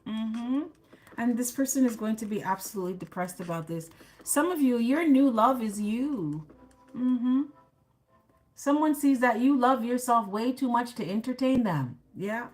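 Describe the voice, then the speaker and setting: A woman's voice: on the high side, expressive, unhurried, darkish tone. A woman doing a live tarot reading, chatty and sassy, speaking straight to her viewers and laughing often at her own remarks. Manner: addresses viewers directly as the collective. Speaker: tarot reader.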